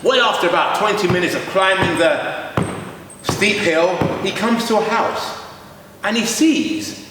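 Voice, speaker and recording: A man telling a children's story aloud, slow and expressive. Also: sits high, background noise. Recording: roomy, echoey sound, mic far off.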